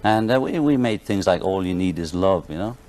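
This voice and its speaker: A man's voice: low-pitched, expressive, brisk, darkish tone. Joking Liverpool man on a talk show. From England, Liverpool. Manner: wry, joking, laughs often. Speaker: guest. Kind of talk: casual talk-show chat. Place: television studio.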